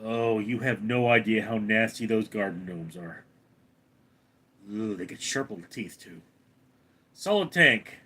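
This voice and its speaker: Husky man chatting on a live stream. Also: a little slow, pauses often. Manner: reads viewer names out loud, then answers in a lower voice. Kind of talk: casual live-stream chat reading comments.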